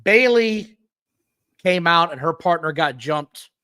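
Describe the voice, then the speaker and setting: Taking his time, a man with a clear, resonant, somewhat high voice speaks on a dry, low-quality recording. He co-hosts a casual wrestling podcast, and his match stories are energetic, blunt, and profane.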